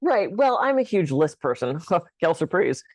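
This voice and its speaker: A woman's voice: fairly low pitch, normal speed, dry recording, rough recording. A woman co-hosting a casual talk, telling stories about her clients and acting out both sides of the dialogue. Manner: animated storyteller, acts out dialogue. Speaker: practitioner and co-host. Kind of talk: casual conversation.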